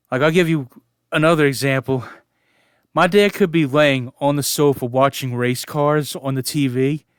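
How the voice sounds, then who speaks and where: A man's voice: a little high, a bit bright, smooth, dry recording, clean studio sound. A man in his forties telling a funny family story as a casual vlogger, chuckling and fighting back laughter. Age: 40s.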